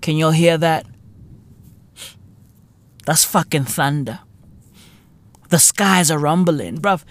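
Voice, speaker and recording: A man's voice: a little high, slow, pauses often. A man from South Africa hosting a podcast, in a profane, slangy comedic rant that keeps calling the listener "bruv". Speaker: podcast host.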